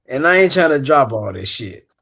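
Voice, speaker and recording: A man hosting a casual podcast, his voice sitting at an ordinary middle pitch. He talks in a loose, rambling, laid-back way and laughs easily between thoughts. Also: sing-song, moderate pace, vocal fry, a bit bright. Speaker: podcast host.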